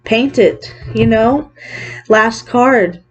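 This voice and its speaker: A woman giving a pick-a-card psychic reading in a gentle, reassuring, chatty way, sometimes correcting herself. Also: on the high side, extremely slow, highs cut off, faint music behind. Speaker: psychic tarot reader.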